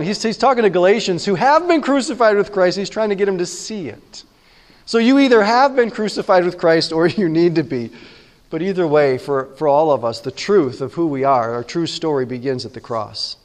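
Male pastor, high voice, earnest conversational sermon, echoing church hall. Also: normal speed. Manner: earnest, repeats words, voices scripture figures conversationally. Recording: long reverb in a large hall.

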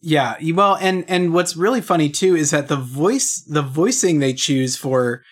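A woman co-hosting a casual podcast, with a voice pitched low for a woman. She trades wry, incredulous asides in a relaxed back-and-forth. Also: unhurried. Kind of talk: casual chat.

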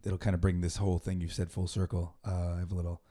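A man's voice: sits low, completely flat delivery, fast, mellow. A man, in his forties, telling a rambling story in a laid-back, casual conversation. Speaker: podcast host.

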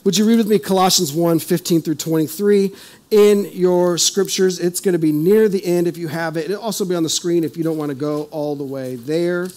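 A man preaching a sermon as pastor at a church service, talking conversationally with the congregation and reading scripture slowly with emphasis. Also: sits high, steady tone, a little mellow. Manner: conversational, asks the congregation questions.

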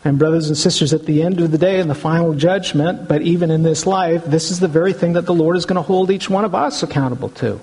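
Man, pastor, sermon, husky, slightly high voice, earnest. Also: fast talker, few pauses, darkish tone, poor audio. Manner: earnest, repeats "brothers and sisters".

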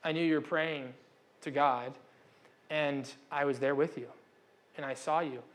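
A man's voice: a little high, steady tone, unhurried. A young man giving a casual, conversational sermon as pastor, often breaking off mid-sentence and acting out quotes. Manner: conversational, self-interrupting, acts out quotes.

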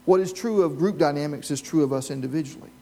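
Man, pastor, sermon, slightly high voice, storytelling, questions to the congregation. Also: fast talker, dark tone. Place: church with a live congregation.

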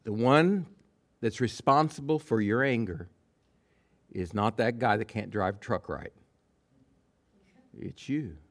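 A man preaching a sermon, acting out quotes with big swings from loud bursts to hushed lines. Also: lowish voice, takes it slowly, pauses often. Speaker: pastor.

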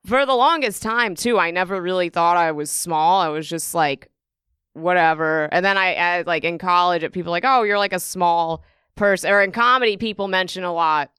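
A woman stand-up comedian in casual conversation, telling animated stories and acting out what people said. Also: fairly low pitch, moderate pace, clear, resonant tone, no room sound, clean studio sound. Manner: animated storytelling, acts out quotes. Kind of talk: casual podcast chat.

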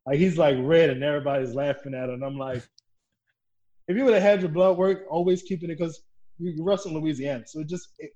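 A man, a pro wrestler guest telling backstage stories in a casual interview, animated, laughing and swearing as he goes. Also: on the high side, fast, lo-fi sound.

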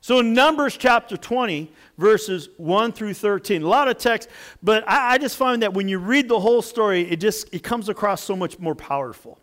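A male pastor preaching a sermon in a jokey, animated way, with sudden loud outbursts. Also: high voice, moderate pace.

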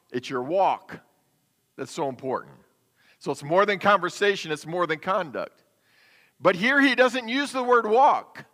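A man's voice: sits high, bright, forceful tone. A man preaching a sermon as a pastor, in a conversational style with rhetorical questions. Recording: long hall reverb.

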